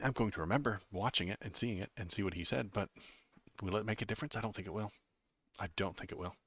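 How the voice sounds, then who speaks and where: Deep-voiced guy streaming political takes, dry and sardonic, lots of uh's, slightly dull mic. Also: pushed and bright, dry recording. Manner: sardonic, halting, many fillers and repeats. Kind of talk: live political commentary.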